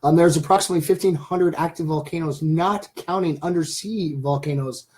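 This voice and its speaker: A man in his thirties hosts a casual live stream. His voice sits a little high for a man. He rambles along and talks straight to his viewers. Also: fairly quick, darkish tone. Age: 30s.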